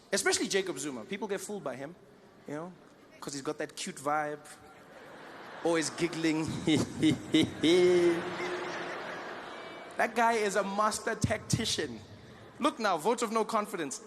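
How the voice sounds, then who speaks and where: Male stand-up comic, South African accent, fairly high voice, lively delivery, big live venue, handheld mic. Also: a little hiss or hum. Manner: animated, switches into voices. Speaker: stand-up comedian. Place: large live performance venue.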